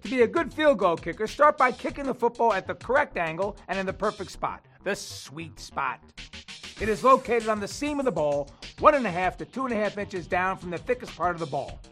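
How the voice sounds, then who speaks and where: Brief: very high-pitched male host, playful kids' lesson, light music bed. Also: animated, quick pace, hardly any pauses, a bit bright. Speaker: kids' show science segment host. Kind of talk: scripted educational narration.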